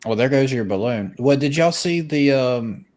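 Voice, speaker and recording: A man's voice: medium pitch, lively intonation, moderate pace, darkish tone. A man co-hosting a podcast, chatting casually about games with crude joking banter. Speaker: podcast co-host. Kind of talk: casual chat.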